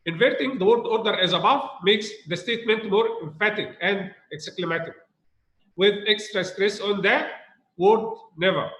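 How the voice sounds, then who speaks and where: A man teaches a grammar point to students, repeating himself and asking whether it is clear. His voice sits high for a man, and it rings around a reverberant room. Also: moderate pace, a bit bright. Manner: repeats points, asks students rhetorical questions. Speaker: English teacher. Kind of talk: recorded grammar lesson.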